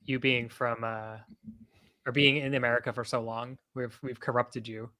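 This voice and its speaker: Man, co-host, casual chat, reading out numbers, bright tense tone, dry close sound. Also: medium pitch, little pitch movement, normal speed, dry recording. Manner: chatty, reads out tallies. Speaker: livestream co-host. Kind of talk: live watch-along chat.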